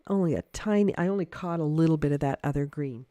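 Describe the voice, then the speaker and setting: During a relaxed livestream, a watercolor art teacher demonstrates painting, thinking aloud in a chatty way full of hesitations, fillers and self-corrections. Her low voice is mellow and warm yet fast, and her manner gentle and encouraging. The sound is dry and close, with no room echo.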